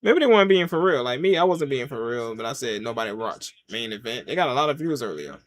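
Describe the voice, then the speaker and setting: A man giving casual live reaction commentary while watching a wrestling show, swinging from loud excited yelps to low mutters in easygoing slang. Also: quick pace, a little hiss or hum. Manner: casual slang, talks to himself and the chat. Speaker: wrestling watch-along reviewer.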